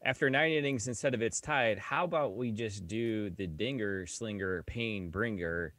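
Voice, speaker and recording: A man's voice: fairly low pitch, moderate pace, fairly bright tone. A man co-hosting a casual podcast chat, teasing and sarcastic. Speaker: podcast co-host.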